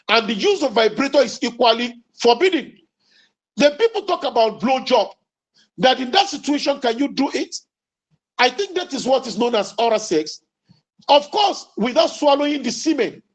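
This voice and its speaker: A man giving a religious lecture as an Islamic preacher, deliberate and emphatic, quoting Arabic sayings and repeating key lines. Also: extremely high pitch, poor audio. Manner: quotes Arabic sayings then explains them.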